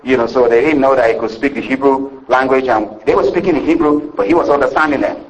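Retelling a story from scripture, this preacher rambles conversationally at a fast pace, sprinkling in fillers and asking the congregation for "Amen." He has a mid-range voice, captured in poor audio.

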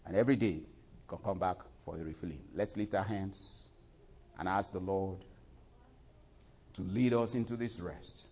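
A male preacher delivering a sermon, leading the congregation in recitation and prayer, his voice rising loud and high on scripture and falling low and quiet in between. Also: moderate pace, long pauses, dull audio, a little hiss or hum. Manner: swells loud and high when reciting scripture, drops low and soft in asides; leads congregation in call-and-response and prayer.

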